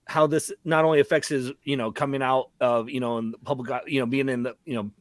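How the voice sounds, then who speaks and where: A man's voice: medium pitch, fairly even intonation, fast talker, no echo. A man talking casually on a live-streamed panel, rambling with lots of fillers.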